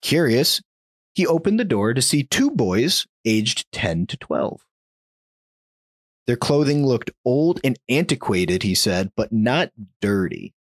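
A man relates a creepy tale to his co-hosts in an easy, chatty way. His pitch rises and falls a lot, and he laughs lightly between beats. The sound is dry and close, with no room echo. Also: slow. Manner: animated, chuckles while telling a spooky tale. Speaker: podcast host telling a story. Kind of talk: casual storytelling.

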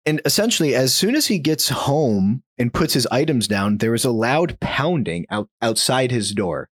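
A man relates a creepy tale to his co-hosts in an easy, chatty way. His pitch rises and falls a lot, and he laughs lightly between beats. The sound is dry and close, with no room echo. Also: normal speed, few pauses, breathy edge. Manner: animated, chuckles while telling a spooky tale. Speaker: podcast host telling a story. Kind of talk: casual storytelling.

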